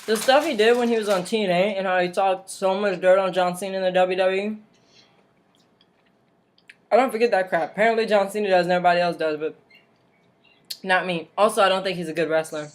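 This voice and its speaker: A woman's voice: medium pitch, steady tone, a little fast, long pauses. A woman hosting a casual home vlog, chatty and rambling, with frequent laughs and mocking asides. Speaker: vlog host. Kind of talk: casual wrestling recap vlog.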